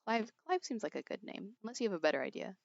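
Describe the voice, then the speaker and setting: A woman's voice: mid-range voice, big pitch swings, fast, creaky, no room sound. Giggly teen girl streaming on earbuds. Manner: giggly, chatty, rambling storyteller. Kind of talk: casual chat while gaming. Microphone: earbud headset mic. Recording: dry, dull lo-fi earbud mic.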